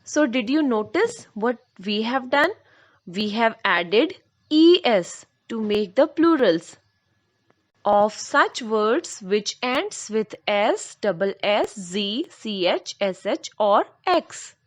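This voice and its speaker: Slow-spoken woman teaching spelling. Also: fairly high pitch, big pitch swings. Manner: slow, repeats and spells out letters. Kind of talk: explaining spelling rules to learners.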